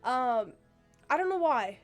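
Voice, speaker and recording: A young woman streamer chatting casually, rambling and excitable, with lots of fillers and restarts, getting a little choked up. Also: high voice, takes it slowly, faint music behind. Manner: gets choked up and emotional.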